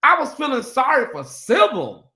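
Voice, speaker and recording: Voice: high-pitched, huge pitch swings, normal speed, bright, forceful tone, reverberant. A livestream host doing sassy, dramatic chat commentary and talking straight to the viewers.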